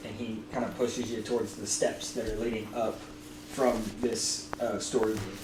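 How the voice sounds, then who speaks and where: A man's voice: on the low side, normal speed. Man narrating a tabletop game. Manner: relaxed narration with many ums. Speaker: dungeon master. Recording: echoey room, distant mic, noisy.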